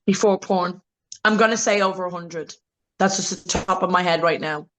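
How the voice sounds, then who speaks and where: A woman, an adult film actress, being interviewed in a candid casual chat, talking bluntly, laughing often and mimicking voices with big pitch jumps. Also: normal speed, fairly bright tone, slight background noise, rough recording.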